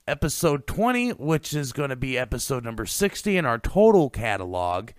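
Male podcast host, casual chat, slightly high voice, dry close mic. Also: clean tone, no echo. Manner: conversational, drops into a low, hushed sign-off.

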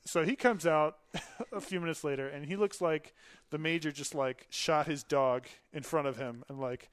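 Man, thirties, podcast guest, chatty storyteller who laughs a lot, slightly high and clear voice. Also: moderate pace, no room sound. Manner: laughs often while telling stories, acts out dialogue. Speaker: podcast guest, Air Force veteran. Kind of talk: casual storytelling.

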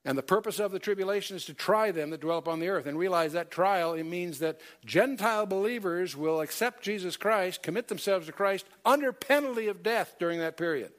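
A man whose fairly bright voice sits high moves briskly through a Bible study lecture with few pauses. Emphatic throughout, he quotes scripture in King James wording while using many fillers and correcting himself often.

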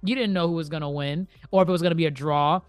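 A mid-pitched voice in a relaxed movie chat, trailing off into fillers and small laughs between words. The sound is dry and close, with faint music in the background. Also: very fast, clean tone, no room sound. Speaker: podcast co-host. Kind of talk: casual movie review chat.

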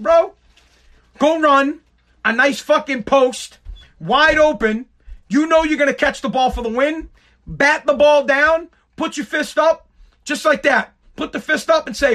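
Podcast host, male, very high and sharp voice, heated and profane. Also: normal speed. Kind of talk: opinionated podcast rant.

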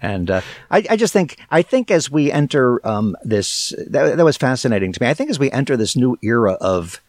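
Animated American man, lively storyteller. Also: mid-range voice, a little fast, dry recording, studio quality. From United States. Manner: rambling, animated storytelling with chuckles. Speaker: guest, broadcasting publisher. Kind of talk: casual interview chat.

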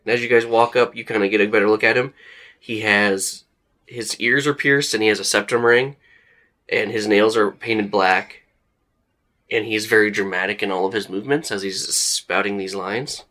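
A man's voice: on the low side, steady tone, normal speed, sharp tone. A young man narrating as game master of a tabletop horror game, casual and loose with many "like" fillers.

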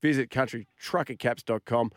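A man's voice: mid-range voice, normal speed, no echo, studio quality. An Australian man co-hosting a sports radio show, bantering and reading sponsor plugs. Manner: upbeat, reads sponsor plugs. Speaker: radio co-host.

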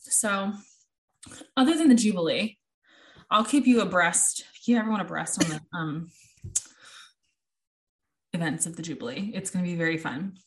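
A woman's voice: on the low side, normal speed, pauses often. A woman co-hosting a podcast, chatting casually and animatedly, often acting out what other people said. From American. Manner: chatty, animated, acts out quoted voices. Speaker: podcast co-host. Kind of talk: casual chat.

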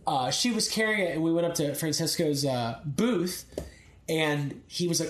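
A man's voice: on the high side, animated, normal speed. A man co-hosting a podcast, telling rambling stories in casual chat and laughing often. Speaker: podcast co-host. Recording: roomy echo.

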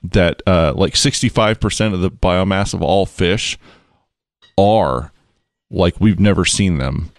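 A man's voice: sits low, a little slow, dry recording, clean studio sound. A man co-hosting a podcast, laid-back and profane, chatting casually over drinks and laughing often. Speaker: podcast co-host.

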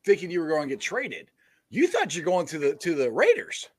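A man hosting a casual podcast chat, relaxed and agreeable, prompting his guest. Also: a little high, a little fast, breathy edge. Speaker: podcast host.

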